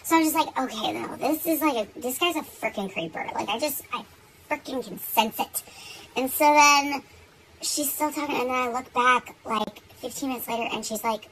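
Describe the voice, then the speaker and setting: A young woman telling a story in casual, animated chat, swearing freely and getting worked up. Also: sits high, moderate pace, slight background noise, rough recording. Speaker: beauty vlogger.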